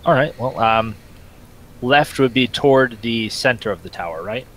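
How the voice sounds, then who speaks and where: A man's voice: mid-range voice, normal speed, fairly bright tone, low-quality recording. A young adult man playing a tabletop game, hesitant and often repeating his words. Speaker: player. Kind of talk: casual tabletop play.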